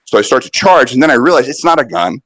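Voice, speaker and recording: A man's voice: mid-range voice, fast talker, dry recording. A middle-aged man, a podcast guest, telling a personal story in a conversational way, full of fillers and restarts. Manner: animated anecdote-telling with many fillers and restarts. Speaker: podcast guest, martial arts author.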